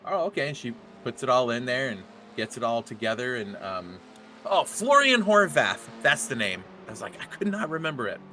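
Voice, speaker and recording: A man's voice: mid-range voice, sing-song, normal speed, pushed and bright, faint music behind. A middle-aged man commentating a sim race, chatty and rambling, often laughing.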